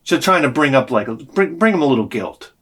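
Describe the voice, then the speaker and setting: A man's voice: a little high, very animated, brisk, a bit bright. A man telling an exasperated, profane story in a sarcastic comic rant on his vlog. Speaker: vlogger.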